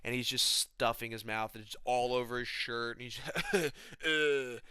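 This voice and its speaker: A man's voice: mid-range voice, monotone, a little fast, sharp tone, smooth, dry recording, studio quality. A young man telling a casual, comedic vlog story in slangy talk full of "bro" and "man". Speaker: YouTuber, MMA commentator.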